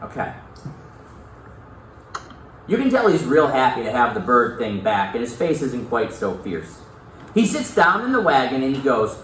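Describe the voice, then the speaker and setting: Lively male teacher in an echoey classroom. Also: medium pitch, moderate pace, pauses often. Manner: animated, repeats key points, asks the class questions. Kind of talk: reading a novel aloud to a class. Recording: echoey classroom, mic far off, faint noise.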